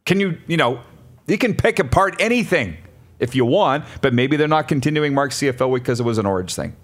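A man's voice: mid-range voice, fairly quick. A man hosting a sports radio talk show, reading listener comments and chatting with co-hosts. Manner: chatty, rhetorical, animated. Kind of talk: casual sports radio chat.

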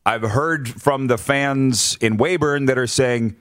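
A man's voice: medium pitch, slow, fairly bright tone, dry recording. Blunt male sports talk host, dry sound. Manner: blunt, numbered-point rundown with frequent restarts.

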